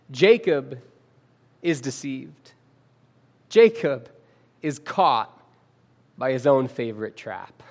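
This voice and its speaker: Slow-speaking male preacher. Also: mid-range voice, animated, a little mellow. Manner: addresses listeners as friends; reads scripture aloud with dramatic pauses. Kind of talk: sermon.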